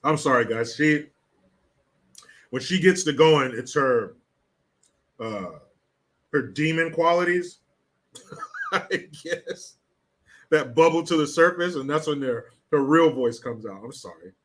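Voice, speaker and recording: A man's voice: fairly high pitch, huge pitch swings, slow, pauses often, a bit bright. A man hosting a casual political commentary livestream, sarcastic and blunt, swearing freely.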